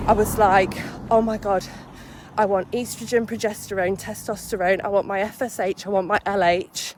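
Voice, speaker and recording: Young english woman vlogging, chatty and sweary, tells stories fast and lively. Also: mid-range voice, a little hiss or hum. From England. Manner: chatty, swears freely, animated retelling. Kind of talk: casual vlog chat.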